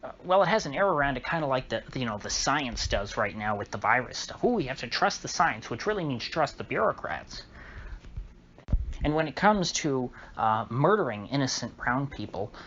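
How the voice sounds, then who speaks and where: Male host, mid-pitched, halting indignant monologue, muffled home recording. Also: very animated, fairly bright tone. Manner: halting, restarts often, indignant. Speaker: channel host. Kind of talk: solo political commentary monologue. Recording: slightly dull recording with faint noise.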